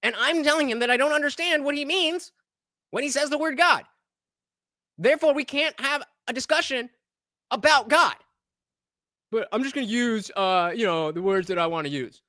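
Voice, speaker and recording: A woman's voice: high-pitched, normal speed, pauses often, pushed and bright, no echo, studio quality. A woman hosting a live stream, heatedly commenting on a debate clip in a profane, exasperated, argumentative way. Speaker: streamer host reviewing a debate.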